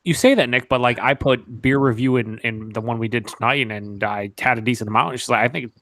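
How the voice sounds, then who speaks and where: A man's voice: medium pitch, quick pace, fairly bright tone, no echo, studio quality. A man chatting casually on a beer show, laughing often and swearing freely. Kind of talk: casual chat.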